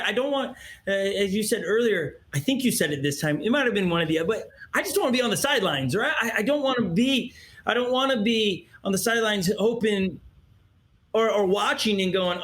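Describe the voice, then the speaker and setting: A man's voice: sits high, a bit bright. A man hosting an interview, talking animatedly, acting out quotes and often restarting his sentences. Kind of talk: candid interview conversation.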